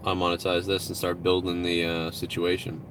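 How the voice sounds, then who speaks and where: A man's voice: sits low, monotone, moderate pace, background noise. A man hosting a casual live stream outdoors at home, talking loosely and profanely while reading out viewer donations. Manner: rambling, profane, reads out donations.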